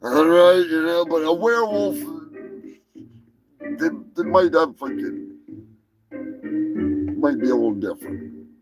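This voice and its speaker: A man's voice: a little high, animated, unhurried, long pauses, over music, rough recording. A man hosting a live comedy show, riffing in a crude, profane, joking rant. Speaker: host.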